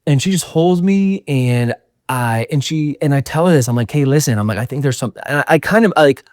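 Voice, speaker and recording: A man's voice: medium pitch, animated, a little fast, a little mellow, no room sound, clean studio sound. A young man telling a personal story in a casual, rambling way, full of fillers and quoted self-talk. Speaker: podcast host telling a story.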